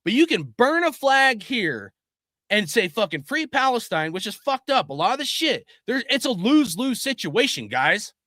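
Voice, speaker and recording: This is a middle-aged man giving an angry opinion rant, swearing in nearly every line. His voice sits high and leaps around in pitch. It has a bright, tense edge and is recorded dry and close. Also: very animated, moderate pace, dry recording. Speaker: video host.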